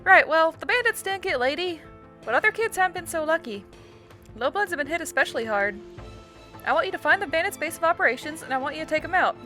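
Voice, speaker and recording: A woman's voice: extremely high pitch, lively intonation, fast talker, pushed and bright, soft background music, voice pushed up, full character voice. A woman voicing a cheerful, tough country troll girl in a put-on Southern drawl, folksy in manner. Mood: determined. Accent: put-on American Southern.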